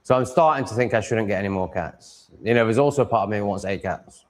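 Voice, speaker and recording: Rambling, swearing man, low-pitched. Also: quick pace. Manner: rambling, profane, stumbling restarts, chuckling. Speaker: YouTuber live streaming. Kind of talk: casual live-stream chat answering comments. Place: at home with cats on his lap.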